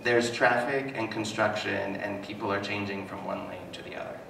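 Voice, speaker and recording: A man giving a live talk as a psychotherapist, telling stories with animated, self-mocking humor to an audience. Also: on the low side, normal speed, creaky. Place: hall with an audience. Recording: echoey hall, mic at a distance, noisy.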